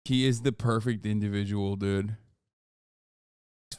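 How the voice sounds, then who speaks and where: A male streamer reacts to a crime documentary with excitable, profane banter. His voice is smooth and resonant, recorded close and very dry with no room sound at all. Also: fairly low pitch, measured pace, pauses often, dry recording. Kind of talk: casual reaction commentary.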